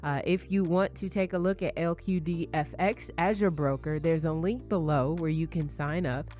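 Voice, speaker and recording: A woman, a trading educator, walking viewers through an app in a relaxed, chatty tutorial with light laughs. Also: low-pitched, normal speed. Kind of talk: casual screen-share tutorial.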